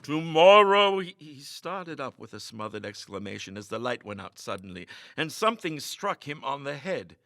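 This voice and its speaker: Expressive man reading a ghost story. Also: medium pitch, moderate pace, few pauses, no echo, clean studio sound. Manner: expressive, theatrical narration. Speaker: reader. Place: theatre.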